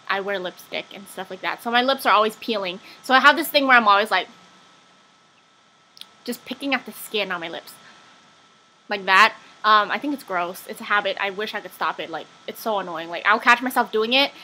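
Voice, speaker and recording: A woman's voice: mid-range voice, moderate pace, bright, forceful tone. A young woman vlogging in a chatty, offhand way, full of fillers and asides. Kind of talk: casual chat.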